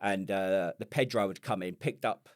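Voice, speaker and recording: British man, low voice, dry close sound, sweary laughing army stories, podcast co-host. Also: normal speed, no echo. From United Kingdom. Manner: sweary storytelling, laughing often. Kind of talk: casual chat.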